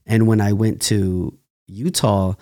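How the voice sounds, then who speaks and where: A man's voice: on the low side, fairly even intonation, takes it slowly, dark tone. A young man from California, a dancer, telling stories loosely in a casual interview, laughing and restarting often. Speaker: podcast guest, dancer.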